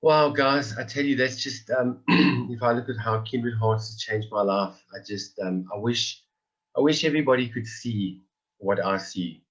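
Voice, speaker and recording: A man's voice: medium pitch, unhurried, fairly bright tone. Earnest man in his forties, lo-fi. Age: 40s. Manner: earnest, repeats phrases for emphasis. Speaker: member giving a testimony. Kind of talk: emotional personal testimony on a call.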